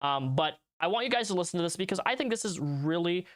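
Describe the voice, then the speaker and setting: A man's voice: high-pitched, animated, quick pace, a bit bright. A man hosting a livestream, talking casually and rambling, often restarting his sentences. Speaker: livestream host.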